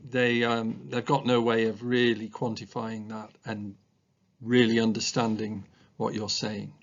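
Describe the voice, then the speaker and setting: A man giving a measured training talk on communication at a special school, pausing often with ums and uhs. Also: lowish voice, level tone, vocal fry, dull audio.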